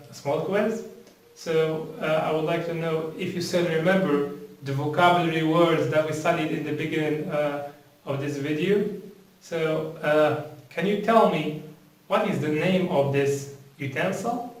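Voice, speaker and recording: A man teaching English, explaining slowly and deliberately, repeating words and quizzing the viewer. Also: fairly high pitch, fairly even intonation, far from the mic. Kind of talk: slow, deliberate classroom explanation. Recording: very echoey room, off-mic.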